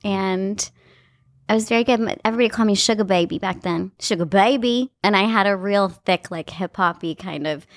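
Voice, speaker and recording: A woman in her thirties from Canada, a guest on a podcast, chatting in a playful and animated way. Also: medium pitch, brisk, dry recording. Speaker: guest, actress and voice actor. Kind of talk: casual podcast chat.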